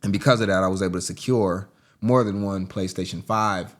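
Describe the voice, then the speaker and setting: A casual man hosting a gaming vlog, his voice sitting on the low side. He chats loosely to his viewers as "team" while going through on-screen listings, breaking into excitable bursts along the way. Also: brisk. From United States. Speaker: gaming vlogger. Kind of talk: casual screen-recording commentary.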